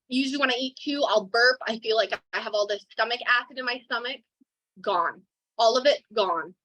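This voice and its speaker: A woman's voice: a little high, bright, forceful tone, dry recording, poor audio. A woman in her twenties giving an earnest, emotional testimonial in a casual online call. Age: 20s.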